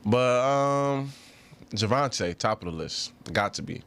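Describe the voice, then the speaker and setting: Laid-back New York man with a lively voice. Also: mid-range voice, takes it slowly, clear, resonant tone. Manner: laid-back, laughs often, slangy. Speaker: podcast co-host. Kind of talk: casual podcast banter.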